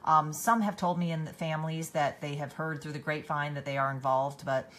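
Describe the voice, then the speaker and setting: A woman's voice: low-pitched, steady tone, a little fast, fairly bright tone. A woman hosting a casual live stream, tired, reading out viewer comments and answering them by name with many fillers and restarts.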